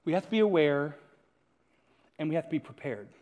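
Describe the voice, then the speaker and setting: A male pastor with a notably high voice gives a relaxed, story-driven sermon. He keeps turning to the listeners with a quick "right?". His voice rings out with a long church-hall reverb. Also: highs cut off. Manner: storytelling, often checks in with "right?". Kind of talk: conversational sermon.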